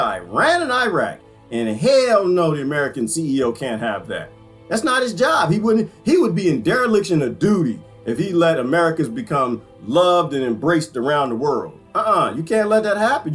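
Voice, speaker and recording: A man's voice: fairly high pitch, fairly bright tone. A middle-aged man ranting casually about politics, joking and laughing often with loose slang. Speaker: vlogger.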